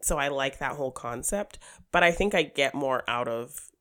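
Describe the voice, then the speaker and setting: A podcast co-host in a casual film chat who speaks in an upbeat, animated way and laughs often. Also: mid-range voice, normal speed.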